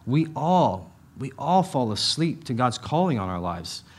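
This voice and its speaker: A middle-aged man preaches in a relaxed, conversational way, with a voice of middling pitch. He drives points home by repeating short phrases and drops in offhand asides along the way. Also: unhurried, slightly rough. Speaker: pastor. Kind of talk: sermon.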